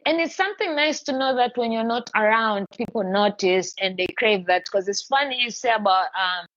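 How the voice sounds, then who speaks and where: A woman hosting a podcast in casual live-stream chat, talking in a chatty, animated way with many restarts. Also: on the high side, brisk, no echo, dull audio. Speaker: podcast host.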